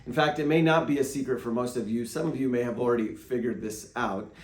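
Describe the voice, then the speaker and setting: A man, a pastor, giving a devotional teaching in a lively way, acting out quotes with playful asides. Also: mid-range voice, quick pace. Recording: echoey room.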